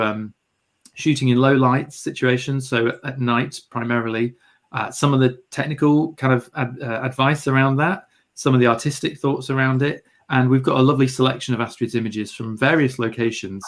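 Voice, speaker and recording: A British man hosting a photography livestream, chatting casually and greeting viewers with light humour. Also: medium pitch. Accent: British English. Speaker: livestream host.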